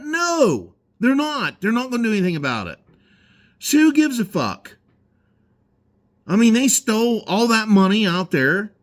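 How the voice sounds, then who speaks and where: Man, profane ranting garage vlogger, higher voice that swings up and down a lot. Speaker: garage owner. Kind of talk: rambling vlog monologue. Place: indoor garage.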